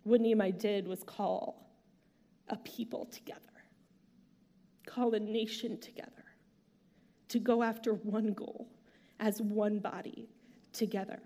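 A woman's voice: medium pitch, steady tone, a little slow, mellow. A woman preaching a sermon in a casual, chatty way, using slang and asides. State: emotional, near tears. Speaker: pastor.

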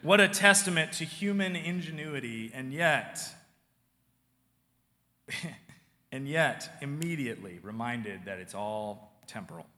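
A man preaching a sermon in a conversational style, moving from loud emphasis to hushed, quiet lines. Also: medium pitch, expressive, slow pace, pauses often. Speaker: pastor. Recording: long hall reverb.

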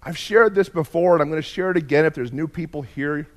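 Higher-voiced guy preaching in church, storytelling, goes quiet then gets loud. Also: quick pace. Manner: animated storyteller, swings from hushed to loud. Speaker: pastor. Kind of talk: sermon with personal storytelling.

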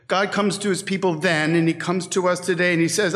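A man preaching a sermon as pastor, slow and deliberate, reading scripture and poetry dramatically. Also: high-pitched, steady tone, a bit bright. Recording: long reverb of a church hall.

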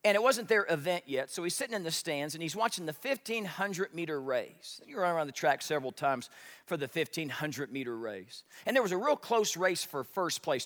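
Male pastor, high bright voice, animated storyteller, sermon in a reverberant church hall.

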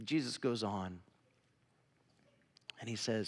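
A man preaching a sermon as a pastor, swinging from shouting to hushed whispers. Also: on the high side, animated, moderate pace. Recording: reverberant hall.

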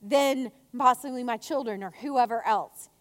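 A woman giving a chatty, animated faith talk to a women's gathering, telling stories with acted asides. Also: a little high, measured pace. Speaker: speaker at a women's church gathering. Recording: long hall reverb.

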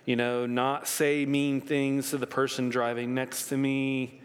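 Storytelling pastor in an echoing hall. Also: male voice, unhurried, smooth. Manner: lively storytelling with wide pitch swings. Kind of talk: sermon. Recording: long reverb of a hall.

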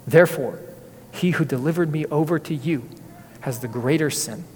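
A preacher voicing a calm, grave prisoner. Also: male voice, a little high, normal speed, in a large hall, slight background noise, natural voice. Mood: solemn. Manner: calm, solemn.

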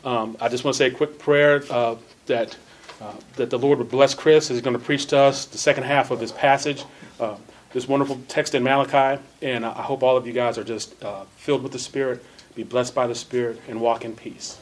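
A man teaching a church Bible class, earnest, repeating phrases for emphasis and reading scripture slowly with stressed words. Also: mid-range voice, fairly even intonation.

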